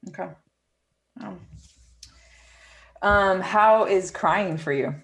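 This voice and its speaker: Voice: medium pitch, extremely slow, a bit bright. A podcast host in casual conversation, asking friendly, rambling questions and agreeing often. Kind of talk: casual interview talk.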